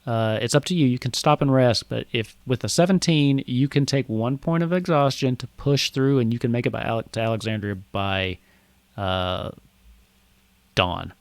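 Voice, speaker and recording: A man's voice: mid-range voice, moderate pace, dry recording. A man narrating as game master of a tabletop game, loose and full of fillers.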